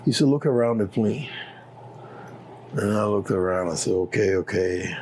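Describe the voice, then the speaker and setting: A man's voice: on the low side, normal speed, darkish tone, a little hiss or hum, low-quality recording. A middle-aged man with a Liberian accent telling his story as an interview guest, acting out the dialogue with animation. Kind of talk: personal storytelling.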